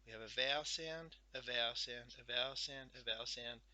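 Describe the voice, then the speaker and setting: A man teaching a recorded spelling lesson, speaking slowly and carefully and sounding out letters and syllables one by one. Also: mid-range voice, bright, forceful tone, no room sound, poor audio.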